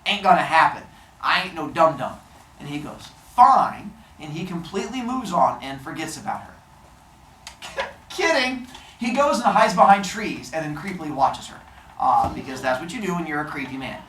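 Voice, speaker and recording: A male teacher telling myths to his class in an animated, jokey way, full of voices. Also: on the high side, fairly quick, slight background noise. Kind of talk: classroom storytelling. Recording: echoey classroom from far off.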